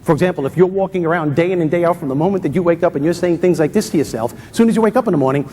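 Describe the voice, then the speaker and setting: Husky-voiced man giving a comic keynote. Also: fairly high pitch, very fast. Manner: punchy, energetic, emphatic. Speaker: motivational humorist on stage. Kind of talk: comedic motivational keynote. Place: large hall before an audience. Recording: reverberant hall.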